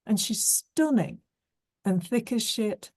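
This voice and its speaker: A woman voicing a teasing, sharp-tongued young woman in an audiobook reading, playful and mocking. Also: fairly high pitch, lively intonation, takes it slowly, dry recording, clean studio sound, pitched above the performer's own voice.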